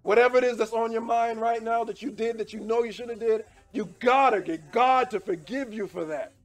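A man preaching a sermon with fervent, repetitive calls to repent, swinging from shouting to hushed pleading. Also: extremely high pitch, fairly quick, soft background music.

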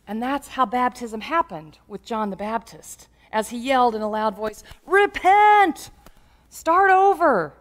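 Woman, pastor, sermon, storytelling, humorous, somewhat high voice. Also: moderate pace, few pauses, a bit bright.

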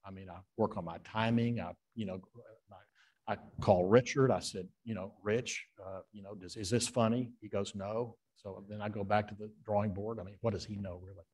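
A man, a guest author, telling rambling stage anecdotes with frequent filler pauses. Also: fairly low pitch, steady tone, a little mellow, slightly rough.

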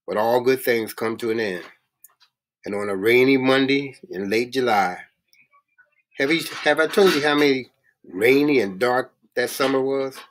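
A man reading a novel aloud in a halting way, often stumbling and restarting words. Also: mid-range voice, fairly bright tone. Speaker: reader.

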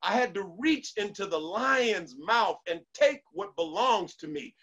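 A man's voice: high-pitched, animated, unhurried, fairly bright tone, rough recording. A man giving a motivational speech, talking emphatically and repeating his affirmations again and again. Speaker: motivational speaker.

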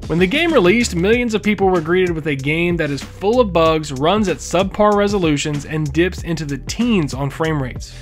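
A man's voice: sits high, a bit bright. A man giving emphatic, opinionated gaming commentary as a YouTuber, indignant and sarcastic at times.

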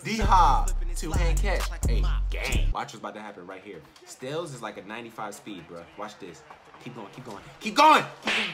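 A young man giving excited, slangy commentary over his own football video game, shouting and chanting at big plays and muttering low in between. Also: fairly quick. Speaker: gaming YouTuber. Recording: game music behind the voice.

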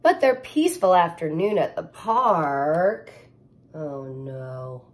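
Teacher lady reading a kids book, big sound effects, slow and super animated. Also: low voice. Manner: expressive, with sound effects and questions to the listener. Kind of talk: reading a picture book aloud to children.

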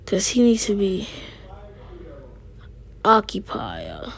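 Her pitch swoops wildly as this woman talks slowly in a medium, creaky voice, pausing often. A gaming vlogger, she rambles in slang to viewers during a life-sim game, offering casual commentary with role-play.

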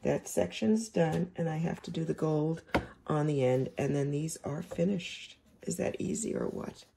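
A chatty woman giving a casual sewing lesson, talking straight to her viewers. Her voice sits low and turns gravelly. A faint hum of noise runs behind her. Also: a little slow, warm tone. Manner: chatty, talks to viewers while working. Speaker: quilting instructor.

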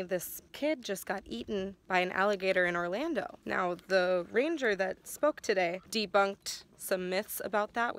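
A woman talking candidly to her phone camera as a travel vlogger, chatty and thinking out loud. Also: mid-range voice. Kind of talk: casual vlog talk to camera.

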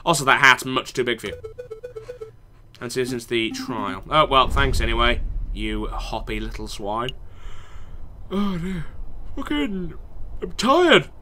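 A man's voice: medium pitch, very animated, unhurried, pauses often, bright, forceful tone, slight background noise. A young man in university playing a video game, reading the dialogue aloud and mocking the characters with sarcastic, profane remarks. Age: young adult. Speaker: let's play gamer.

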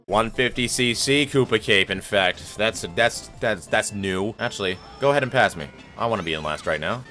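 A young man hosting a gaming video, commenting on a race and swinging from low muttering to shrill, mock-furious yelling. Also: normal speed. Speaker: gaming channel host. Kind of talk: let's-play race commentary. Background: game music.

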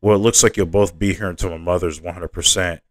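A man's voice: deep voice, fairly even intonation, fast talker, dry recording, natural voice. A man doing a haughty, lecturing young princess. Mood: stern.

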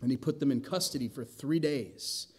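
Conversational pastor with wry asides. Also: male voice, mid-range voice, normal speed, breathy edge. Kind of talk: expository sermon. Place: church sanctuary.

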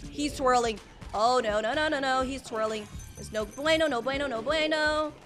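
A young woman streaming live gameplay, excitable and panicky, piling up "oh my gosh" and repeating herself as she reacts. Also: high voice, faint music behind. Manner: excitable, panicky, talks fast with many "oh my gosh".

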